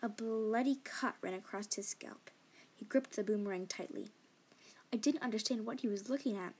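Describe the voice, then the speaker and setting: A woman narrating a fantasy novel as a fan audiobook. Her reading is expressive and breathy, with a husky texture. She slips into whispers for tense moments. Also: mid-range voice, normal speed. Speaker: audiobook reader.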